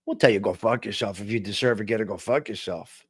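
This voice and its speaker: A man's voice: on the low side, quick pace, slightly rough, no echo, studio quality. A man with a New Jersey accent hosting a casual live-stream chat, brash and profane, joking and talking back to the chat.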